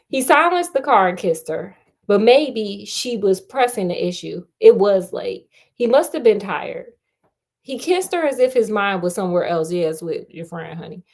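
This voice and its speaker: A woman's voice: medium pitch, animated, moderate pace, creaky, darkish tone. A woman reading a novel aloud, breaking off often for sassy, joking comments on the characters. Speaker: audiobook reader.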